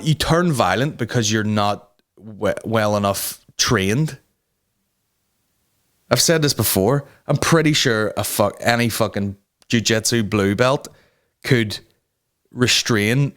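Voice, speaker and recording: A man's voice: fairly low pitch, expressive, measured pace, pauses often, a bit bright. A man hosting a comedy podcast, ranting heatedly with lots of swearing and restarts. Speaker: podcast host.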